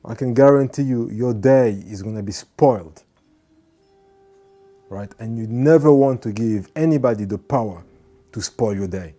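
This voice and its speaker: Speaking at normal speed in a medium-pitched voice over faint background music, a man gives an earnest motivational talk. He repeats his points and phrases, at times acting out angry, shouting people.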